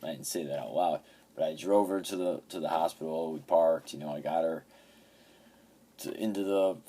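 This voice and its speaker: A man's voice: rumbling low, moderate pace, mellow. A man in his fifties casually talking about his video game pickups, swearing often and telling rambling stories. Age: 50s. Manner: profane, rambling storyteller. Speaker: game collector.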